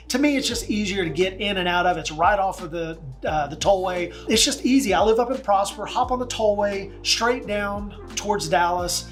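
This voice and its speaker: A man's voice: sits high, fairly bright tone. A man working as a real estate agent, talking in a chatty, folksy vlog manner with slangy asides. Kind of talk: casual vlog.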